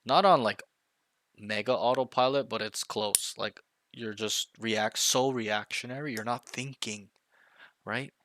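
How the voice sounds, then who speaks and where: A man's voice: lowish voice, measured pace, a bit bright, a little hiss or hum. A man coaching a player one on one, talking bluntly and intensely, with some swearing, and often checking in with "okay" and "right". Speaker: game coach.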